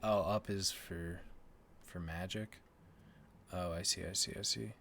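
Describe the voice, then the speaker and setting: A man's voice: low-pitched, fairly even intonation, measured pace, a bit bright, a little hiss or hum. A man streaming a game for the first time, thinking aloud in a casual, unsure way as he works through menus. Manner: thinking aloud, unsure, mumbling menu names. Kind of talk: casual gameplay chat.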